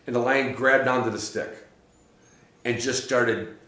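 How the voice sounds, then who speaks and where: A man hosts a casual podcast chat at a hunting camp, spinning rambling stories and breaking into laughter as he goes. His voice sits at an ordinary middle pitch. The room around him is echoey. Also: steady tone, unhurried, a bit bright. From Michigan. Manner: rambling storyteller, laughs often. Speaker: podcast host. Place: hunting camp room, drinks being poured.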